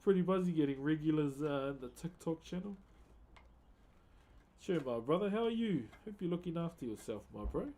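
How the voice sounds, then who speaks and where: A laid-back man with a New Zealand accent, chatting casually with viewers on a live stream while he carves wood, greeting them by name in relaxed slang. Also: on the high side, moderate pace.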